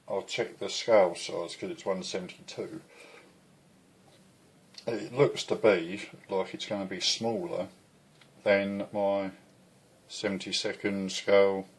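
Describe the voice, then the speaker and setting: A man's voice: lowish voice, steady tone, slow pace, long pauses, husky. A man reviewing a model kit in a chatty, rambling way at home. He is a bit out of breath, swears now and then and often loses his thread.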